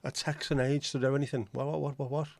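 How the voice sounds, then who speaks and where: A man with a Liverpool accent chats loosely on a livestream, cracking jokes, swearing casually and calling out viewers by name. His voice sits at an everyday middle pitch. The sound is close and dry, with no room echo. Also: level tone, fast talker, gravelly, darkish tone. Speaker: livestream host.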